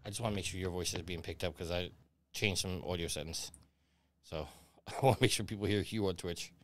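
Lower-voiced man chatting on a game stream. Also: brisk. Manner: rambling, chuckles often. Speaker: streamer host. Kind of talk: casual gaming stream chat.

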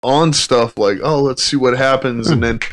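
A man of middle pitch chats casually as a host, throwing in dry jokes and laughing along. A faint noise sits under his voice. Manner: quick joking interjections, laughs along. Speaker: veteran podcast host. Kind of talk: casual chat.

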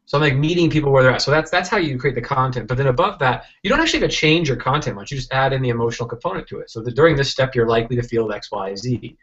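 A man as an interview guest, telling a rambling, animated story with many restarts and acted-out quotes over a video call. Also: medium pitch, very fast, few pauses, dull audio. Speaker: interview guest, software entrepreneur.

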